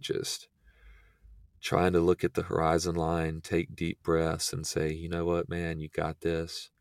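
A young man, a podcast guest, retelling an experience in a relaxed, casual way full of fillers. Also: low voice, vocal fry, no echo, clean studio sound. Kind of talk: casual storytelling.

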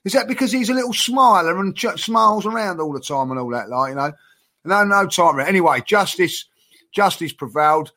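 A man's voice: high-pitched, fairly quick. A man ranting animatedly about football in a casual chat, full of fillers. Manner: animated ranting, lots of "you know what I mean". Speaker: football fan guest.

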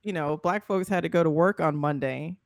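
Animated wry woman co-host, dry close sound. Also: low voice, a little fast, dry recording. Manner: animated, wry, trailing off and restarting. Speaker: podcast co-host. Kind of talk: casual chat.

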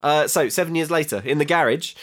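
A man co-hosting a comedic film recap podcast, retelling scenes with deadpan quips. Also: on the high side, a little fast. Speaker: podcast co-host.

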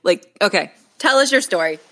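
A woman hosting a podcast, chatting casually over a remote call, encouraging her guest with quick questions and reactions. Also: medium pitch, expressive, a bit bright. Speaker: podcast host. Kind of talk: casual interview chat. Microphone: remote call mic.

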